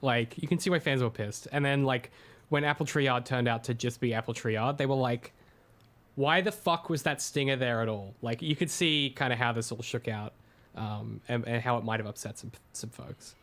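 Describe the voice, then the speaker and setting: A man's voice: medium pitch, fairly even intonation, normal speed, fairly bright tone. An Australian man co-hosting a casual critical discussion, loose and swearing, with many ums and restarts. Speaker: podcast co-host.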